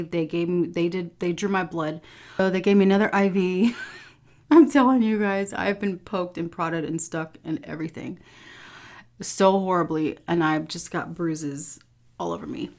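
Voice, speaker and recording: A young woman vlogger telling a personal story to her viewers in a casual, chatty way, swearing now and then and laughing. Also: on the low side. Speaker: food vlogger.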